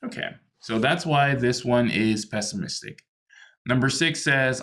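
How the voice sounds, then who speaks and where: A man's voice: mid-range voice, a little slow, fairly bright tone. A man teaching an online English lesson, patient and explaining with many ums and restarts, on a computer microphone. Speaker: English tutor.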